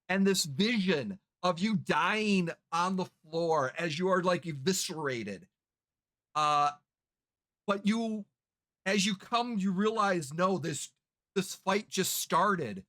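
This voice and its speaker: A game master narrating a tabletop game in a halting way, with many fillers and restarts. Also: medium pitch, a bit bright.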